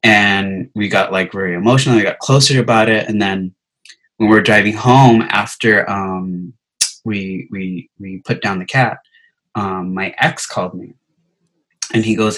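A man's voice: on the low side, fairly even intonation, normal speed, fairly bright tone, poor audio. A young man telling a personal story in casual chat, rambling and full of filler words. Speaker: podcast guest telling a story.

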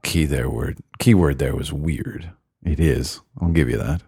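A man's voice: rumbling low, a little slow, warm tone, husky. A man co-hosting a casual hockey podcast, wry and teasing. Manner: wry, teasing, swoops up in surprise. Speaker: podcast co-host. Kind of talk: casual chat about hockey.

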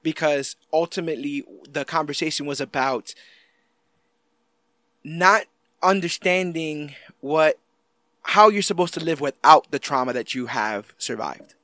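A man co-hosting a casual chat about a TV series, animated and quick to act out lines from it. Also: a little high, dry recording. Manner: animated, acts out quotes in lively voices. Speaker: podcast co-host.

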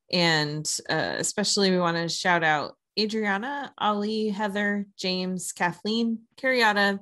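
A woman co-hosting a podcast, chatting casually about films she watched. She laughs often, tells stories excitedly, and says she is tired with a headache. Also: lowish voice. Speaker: podcast co-host.

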